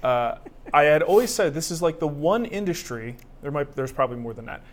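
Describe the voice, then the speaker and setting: A man's voice: fairly high pitch, lively intonation, fairly quick. A middle-aged man co-hosting a woodworking live show, chatty, joking and self-mocking. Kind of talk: casual live-stream banter.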